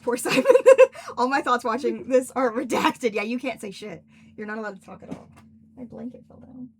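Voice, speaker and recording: A high, lively young woman chatting on a livestream and giggling through her words. Her pitch leaps around freely. Clear room noise sits under her voice. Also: moderate pace. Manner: giggly, chatty, lots of laughing. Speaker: author and streamer. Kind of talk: casual stream chat.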